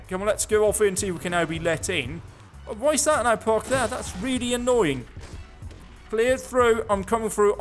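A man giving sarcastic, chatty let's play commentary, talking back to the characters on screen. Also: high voice. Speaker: gaming video host.

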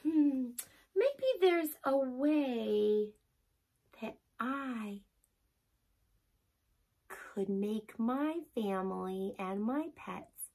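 A woman leads a children's drama play time, telling and acting the story herself. Her voice is high and swoops widely, and she speaks slowly and deliberately. Big gasps and sighs mark her theatrical delivery. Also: lively intonation, dark tone.

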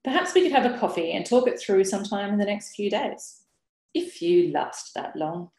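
A woman's voice: medium pitch, big pitch swings, moderate pace. A woman reading aloud from her own novel and voicing a hostile elderly village woman who snaps and hisses her accusations. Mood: scornful. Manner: sharp, hissing, snapping accusations. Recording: roomy webinar audio.

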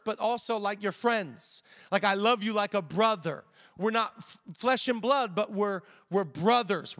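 Man, pastor, middle-aged, high voice, conversational sermon, repeats phrases, church hall echo. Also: a bit bright. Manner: conversational preaching with repetitions and jokes. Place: church auditorium.

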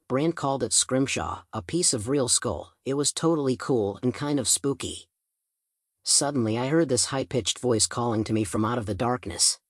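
A man's voice: mid-range voice, dry recording, clean studio sound. A man reading a first-person audiobook, telling the story in a casual, chatty teenage manner. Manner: casual teen-style storytelling. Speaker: audiobook narrator.

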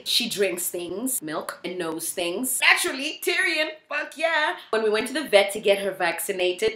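A woman with a South African accent telling a casual storytime as a vlogger, bubbly, excitable and cheeky. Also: mid-range voice. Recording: echoey room.

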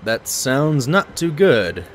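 A man's voice: mid-range voice, big pitch swings, slow, a little hiss or hum. A man chatting casually while streaming a horror game, joking at his own expense. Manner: chatty, self-deprecating. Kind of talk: live gameplay commentary.

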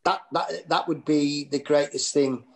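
A man's voice: on the high side, fairly even intonation, creaky. A man with a Geordie accent, a comedian chatting as a podcast guest, rambling and laughing at himself. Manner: rambling, restarts and fillers, quick to laugh at himself. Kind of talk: anecdotal podcast chat.

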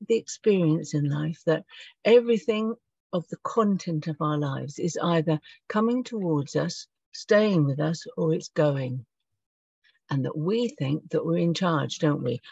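Gentle woman leading a video call meditation, slightly gravelly, dry close sound. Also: low voice, no room sound, dull audio. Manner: soft, reflective, gently guiding. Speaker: meditation leader. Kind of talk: gentle spiritual talk.

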